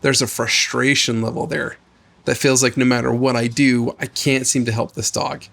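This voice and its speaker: Male co-host coach, gravelly mid voice, gentle and affirming. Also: medium pitch, flat delivery, normal speed. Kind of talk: coaching conversation.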